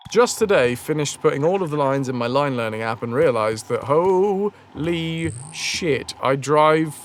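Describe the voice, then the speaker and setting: A man giving casual, joking gameplay commentary as a streamer, swearing freely. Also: medium pitch.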